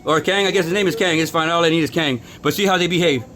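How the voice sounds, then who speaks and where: A man's voice: a little high, fast, fairly bright tone, a little hiss or hum. A man filming on his phone inside a store, arguing in an agitated, repetitive way as an employee. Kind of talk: filming a workplace confrontation.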